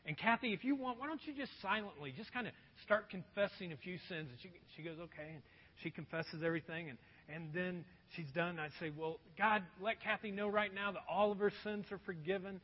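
A man pastor telling a story in a sermon, animated and poking fun at himself. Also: sits high, fairly quick, breathy edge. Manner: animated, self-mocking storytelling. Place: church auditorium. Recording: dull echoey hall recording.

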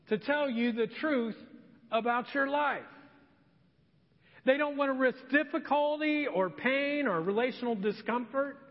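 A man with a strikingly high voice preaches in an easygoing, self-deprecating way, slipping into stories. His voice rings with long reverb through a church sanctuary and sounds slightly dull. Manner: conversational, self-deprecating storytelling. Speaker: pastor. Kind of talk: sermon.

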